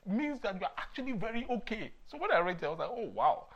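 A lively male preacher weaves childhood stories into his sermon. His voice swings widely in pitch, and he breaks into chuckles and sudden shouts of emphasis as he speaks. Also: very fast, vocal fry, muffled recording. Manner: animated, laughs often, shouts for emphasis. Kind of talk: sermon with personal storytelling.

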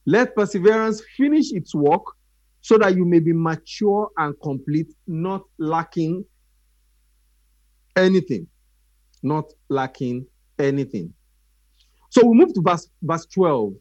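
A man's voice: fairly high pitch, takes it slowly, long pauses, no echo, lo-fi sound. A man preaching a sermon, telling stories animatedly and acting out voices. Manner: animated storytelling with acted voices.

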